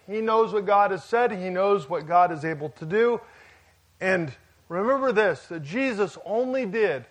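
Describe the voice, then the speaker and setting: A pastor with a fairly high voice preaches to his congregation. He keeps it conversational, dropping in jokes and asides as he goes. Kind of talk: sermon.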